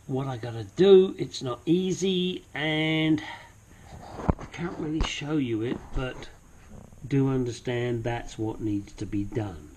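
A man's voice: mid-range voice, darkish tone, a little hiss or hum. A man hosting a home mechanic channel, chatting casually through a brake and control arm job, swearing now and then and wandering into asides. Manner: puts on a silly accent at times. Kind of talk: casual how-to narration while working.

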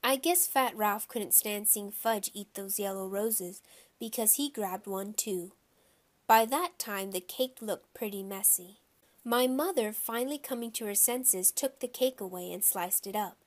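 A woman narrating a children's audiobook in a lively, expressive reading style. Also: mid-range voice, unhurried.

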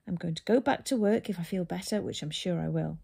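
A woman's voice: lowish voice, brisk, vocal fry, warm tone, breathy edge. A woman doing a relieved, hopeful father. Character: recovering father, grateful and hopeful.

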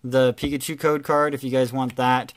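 A man doing casual, playful commentary while opening trading card packs, excitedly calling out cards and teasing his viewers. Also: mid-range voice, moderate pace, no room sound. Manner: excitable, calls out card names with bursts of energy.

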